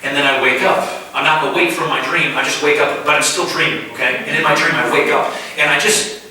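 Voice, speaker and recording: A man preaching at a house church, telling a dream story in vivid first person with halting restarts. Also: fairly high pitch, fairly even intonation, bright, forceful tone. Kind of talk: conversational sermon storytelling. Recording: echoey room, distant mic.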